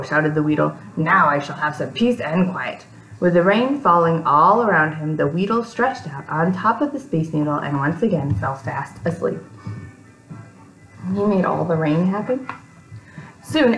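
A woman's voice: on the low side, roomy sound, low-quality recording. A woman reading a picture book aloud to young children, breaking off for chatty asides to them.

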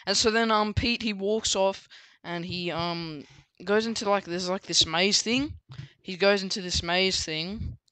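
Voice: medium pitch, measured pace, few pauses, bright, forceful tone, no room sound. A book reviewer casually recapping a story, rambling with many fillers and restarts.

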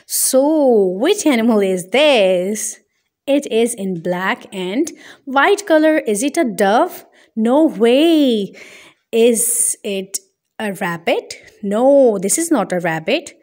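A woman narrating a toddler puzzle video, talking in a slow, sing-song teacher voice. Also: mid-range voice, darkish tone. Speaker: children's educational narrator.

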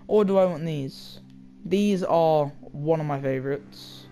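Seated at home with loud game music playing, a young gaming video creator delivers rambling, casual commentary on his gameplay. His slightly high voice keeps a measured pace, mixing in slang and comments to his audience.

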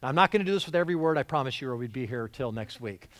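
A man's voice: medium pitch, lively intonation, racing, a bit bright, dry recording, studio quality. A male pastor preaching a sermon in a church, talking in a conversational yet emphatic way, often repeating and restarting phrases. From United States.

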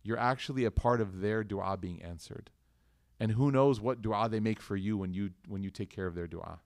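A man's voice: fairly low pitch, moderate pace, darkish tone, dry recording, studio quality. A man teaching a religious class, telling a story casually and animatedly before closing in prayer. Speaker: Islamic teacher.

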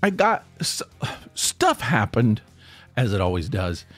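A man hosting a casual solo podcast, hoarse with his voice nearly gone, rambling and grumpy in a joking way. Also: lowish voice, huge pitch swings, slow pace, fairly bright tone, soft background music. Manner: rambling, self-interrupting, grumpy humor. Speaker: podcast host. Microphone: podcast microphone.

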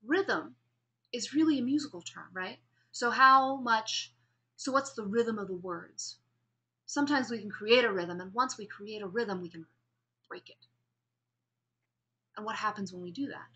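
A woman giving a classroom lecture on public speaking, explaining vocal variety and demonstrating pace and pauses as she talks. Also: medium pitch.

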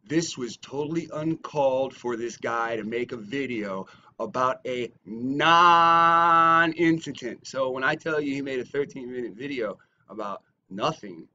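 A man ranting in a lo-fi callout video, his voice sitting in a middling register. He mocks his critics, dropping to low mutters and then bursting into shouts. The audio sounds dull and muffled. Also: unhurried, a little hiss or hum. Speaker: YouTuber. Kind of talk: confrontational response video rant.

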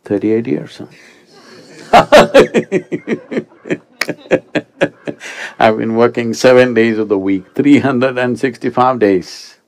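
A man in his sixties, a spiritual teacher, giving an animated speech to a young audience and often prompting listeners with rhetorical asides. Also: medium pitch, moderate pace, few pauses. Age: 60s.

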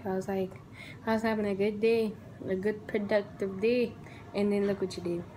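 Lively young woman telling a storytime. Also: mid-range voice, normal speed, a little hiss or hum, poor audio. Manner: animated, acts out the people in her story. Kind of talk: casual storytime vlog.

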